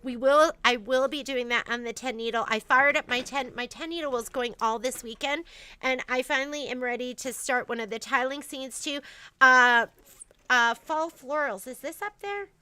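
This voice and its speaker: A woman's voice: high voice, moderate pace, pushed and bright, clean tone. A woman hosting a casual store livestream, chatting in a rambling way with lots of fillers and restarts.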